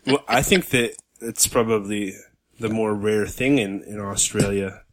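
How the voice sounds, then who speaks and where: A man trades deadpan jokes in a loose chat among friends. His lines come out dry and matter-of-fact. Steady background noise and faint clicks sit under his voice. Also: lowish voice, unhurried. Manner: dry joking asides. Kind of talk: casual comedic chat.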